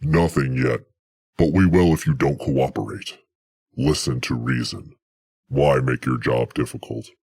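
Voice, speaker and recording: A man's voice: extremely low pitch, fairly even intonation, measured pace, vocal fry, a little mellow, breathy edge, dry recording, studio quality, pitched below the performer's own voice, heavily acted. A man voicing a menacing, smug male gang boss who cackles and threatens over the phone.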